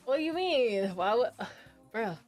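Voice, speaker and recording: A woman's voice: fairly high pitch, sing-song, unhurried, darkish tone, soft background music. A woman live-streaming, chatting casually and playfully with her chat in a slangy, teasing way, sounding sleepy. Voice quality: sings snatches of songs between chatter.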